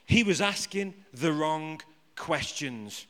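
Bright-voiced preacher, high-pitched. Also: male voice, moderate pace. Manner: jokey, asks the room rhetorical questions. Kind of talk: live sermon to a congregation. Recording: reverberant hall.

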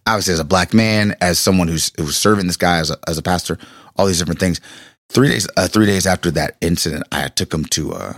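A man's voice: low voice, fast, fairly bright tone, no echo, clean studio sound. A man in his thirties, a pastor, chatting casually and telling an emotional personal story with stumbling restarts.

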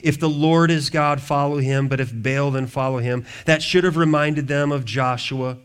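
A man preaching a sermon, reading scripture aloud and breaking off into joking asides, swinging from hushed to loud. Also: on the high side, fairly even intonation, moderate pace, smooth. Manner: reads scripture then riffs with humor and asides. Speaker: pastor.

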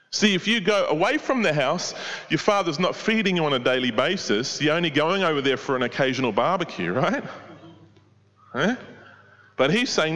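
A man's voice: a little high, a bit bright. Preacher man in a reverberant hall. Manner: expository, with rhetorical questions. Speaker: pastor. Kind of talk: sermon.

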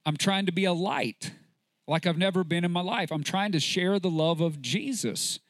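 A man's voice: high-pitched, moderate pace, no room sound, studio quality. A man preaching a sermon to a congregation, emphatic and full of rhetorical questions.

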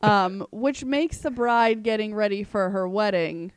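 A woman's voice: medium pitch, a little slow, clear, resonant tone, no room sound. A woman with a mid-range voice co-hosts a podcast in casual chat. She teases her partner and speaks bluntly, with the odd swear word. The recording is dry and close. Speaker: podcast co-host.

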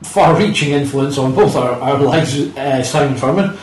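A man's voice: mid-range voice, moderate pace, distant mic. A man co-hosting a podcast, recapping a film with wry, sarcastic humor. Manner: wry, dryly sarcastic, swears casually. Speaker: podcast co-host. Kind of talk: casual chat recapping a film. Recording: echoey room, set back from the mic.

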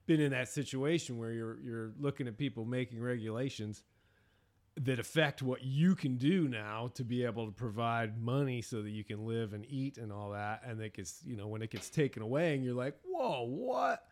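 A middle-aged man from New England talks through a casual podcast conversation. He rambles, doubling back over his words with fillers and restarts, in a medium-pitched voice. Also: a little fast, a little mellow. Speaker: podcast host. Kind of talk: casual chat.

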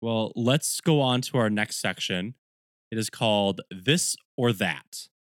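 A man's voice: lowish voice, takes it slowly, no echo, studio quality. Man steering the chat as podcast co-host. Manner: steady, leads segments, opinionated. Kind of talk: casual chat.

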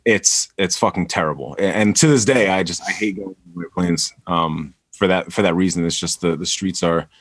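Man, podcast guest, from New York area, halting, ums and restarts, lowish voice, dry sound. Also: slightly rough, dry recording. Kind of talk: casual chat.

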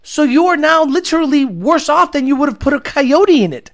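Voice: high voice, animated, a little fast, fairly bright tone. A ranting, foul-mouthed livestream host. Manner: profane, ranting, mocking. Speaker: car tuning livestream host. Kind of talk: livestream chat, reading comments.

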